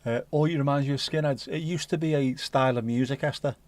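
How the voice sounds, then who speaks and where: Medium in pitch, a little mellow and a little fast, this man's voice has fairly even intonation and no room sound. He's a casual livestream host who reads viewer messages and rambles jokily, sweary and full of British slang.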